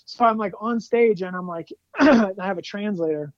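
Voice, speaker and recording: A man guesting on an interview show, telling animated stories in a casual chat, laughing often and saying "like" a lot. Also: high voice, normal speed, no echo, lo-fi sound. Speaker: guest musician.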